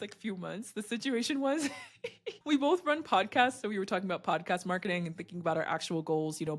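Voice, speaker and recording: An animated young woman talking straight to her audience in a casual, motivational vlog. Her voice sits in a middle register but swoops high and low, and she breaks into laughter often. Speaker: podcaster and video host. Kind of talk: casual motivational talk to camera.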